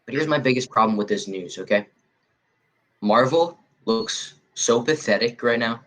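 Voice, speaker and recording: A man's voice: mid-range voice, moderate pace, a bit bright, poor audio. A man co-hosting a podcast, ranting bluntly and heatedly, repeating himself as he talks. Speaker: podcast co-host. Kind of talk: casual ranting podcast chat.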